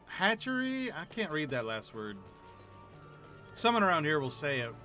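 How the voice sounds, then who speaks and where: A man's voice: a little high, very animated, normal speed, bright, forceful tone, faint music behind. A man streaming a game, musing and chatting casually, often trailing off mid-thought.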